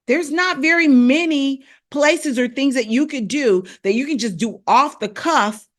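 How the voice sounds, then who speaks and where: Lady vocal coach on a live stream, chatty, keeps repeating stuff, raps drills out loud. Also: sits high. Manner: encouraging, repetitive, rapping drills aloud.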